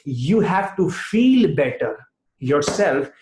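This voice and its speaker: A man delivers a rousing motivational talk. His voice sits high and swings with animation, and the room sounds echoey around him. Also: very animated, takes it slowly, a little mellow, a little hiss or hum. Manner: emphatic, rousing, addresses listeners as friends. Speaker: motivational speaker. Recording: roomy echo.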